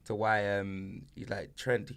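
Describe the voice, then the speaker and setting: A man's voice: mid-range voice, brisk, gravelly. A young man, cracking jokes and bantering about football in slang on a casual podcast. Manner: slangy, laughs loudly at his own jokes. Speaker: podcast co-host.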